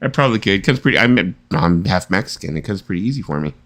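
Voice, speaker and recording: Brief: male stream host, jokey, laughs easily, low and animated. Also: quick pace. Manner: joking, laughs often, animated. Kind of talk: casual live-stream chat.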